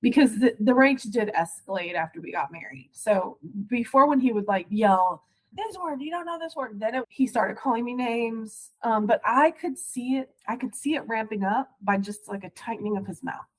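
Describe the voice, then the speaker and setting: Woman telling a painful story, halting. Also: on the high side, low-quality recording. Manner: halting, emotional, many restarts. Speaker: podcast guest. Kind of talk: personal storytelling.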